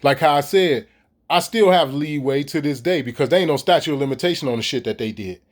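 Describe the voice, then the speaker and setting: Casting: middle-aged man, high-pitched voice, profane and animated vlog rant to the audience. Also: quick pace. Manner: profane, animated, street slang, talks straight to viewers. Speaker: vlogger. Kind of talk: casual ranting monologue to camera.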